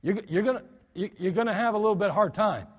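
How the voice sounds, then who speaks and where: A man's voice: sits high, fast, husky. A male pastor preaching a sermon in a church, emphatic, often restarting his sentences. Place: church sanctuary. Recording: long church reverb.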